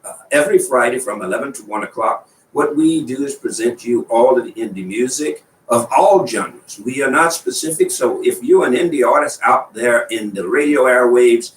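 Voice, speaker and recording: A man's voice: medium pitch, lively intonation, moderate pace, few pauses, distant mic, slight background noise. Teasing man DJ, echoey and off-mic. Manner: teasing, laughs often. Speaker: radio DJ and co-host. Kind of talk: casual on-air banter.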